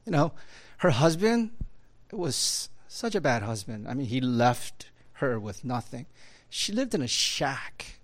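A man's voice: mid-range voice, very animated, slow pace. A man preaching a sermon as a pastor, in a conversational style with many fillers and tag questions. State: choked up at times.

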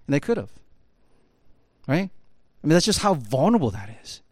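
Animated storytelling man, fillers galore. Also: on the high side, normal speed, no room sound. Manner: casual, lots of fillers, rising to emphatic peaks. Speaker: speaker. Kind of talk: storytelling talk.

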